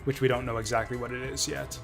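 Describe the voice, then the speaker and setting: A man's voice: medium pitch, flat delivery, quick pace, creaky, music in the background. A man streaming a game, commenting casually and jokingly between reading dialogue aloud. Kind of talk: let's play commentary.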